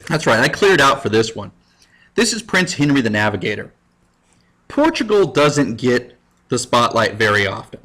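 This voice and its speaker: A man's voice: medium pitch, lively intonation, moderate pace, a bit bright. A man teaching a recorded history lesson in a casual, playful way, with goofy asides and put-on quotes. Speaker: high school history teacher. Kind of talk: jokey recorded lecture.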